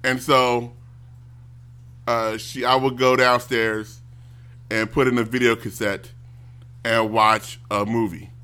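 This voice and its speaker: A man ranting casually to a stream audience, animated and given to mocking impressions. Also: mid-range voice, takes it slowly, long pauses, clean tone. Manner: animated, mocks others in loud exaggerated voices.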